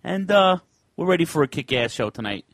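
A man in his forties hosts a casual internet radio show. His voice sits a little high and swings up and down a lot as he rambles through a story, acting out the people in it. The sound is close and dry. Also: lively intonation, fairly quick, fairly bright tone, dry recording. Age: 40s. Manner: chatty storyteller, acts out other people's lines. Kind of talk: casual podcast chat.

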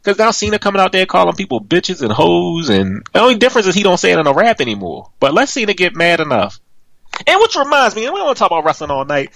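A man with a high-sitting, gravelly voice talks at a quick pace with no room sound. Co-hosting a wrestling podcast, he's casual, brash, and animated, swearing freely and teasing.

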